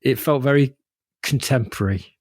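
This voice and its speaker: A man's voice: mid-range voice, moderate pace, no room sound, studio quality. A man co-hosting a podcast, musing thoughtfully in casual chat. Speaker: podcast co-host.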